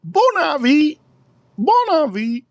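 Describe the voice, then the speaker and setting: A man putting on the voice of an excitable male French bakery manager who keeps eagerly agreeing. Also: takes it slowly, husky, dry recording, exaggerated voice. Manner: high, eager repeated agreement.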